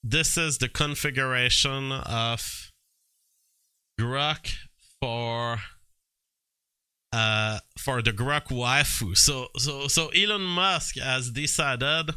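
A man giving casual commentary and reading text aloud from a screen, halting and full of fillers, with bursts of disbelief. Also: mid-range voice, pushed and bright, clear, resonant tone, no room sound.

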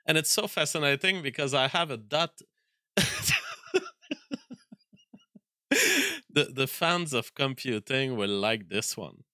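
A man with a noticeable French accent hosts a casual live stream, reading viewers' messages and musing aloud with many pauses and restarts. His medium-pitched voice is crisp and forceful, captured dry and close without any room sound.

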